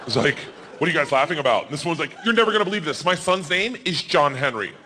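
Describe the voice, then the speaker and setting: A man in his forties performs stand-up in a comedy club, his pitch leaping all over as he tells a crude story. His voice sits a little high for a man. Audience noise from the live room is clearly heard under him. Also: quick pace. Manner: loud, animated storytelling with crude jokes.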